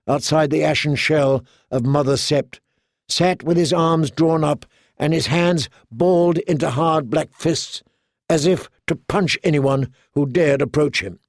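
Slow, gravelly male audiobook narrator. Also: a little high, dry recording, studio quality. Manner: measured, even storytelling.

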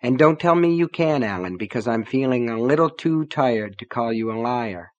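A man voicing a middle-aged woman in chronic pain who speaks carefully and teases gently. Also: mid-range voice, expressive, moderate pace, muffled recording, lightly acted. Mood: wry.

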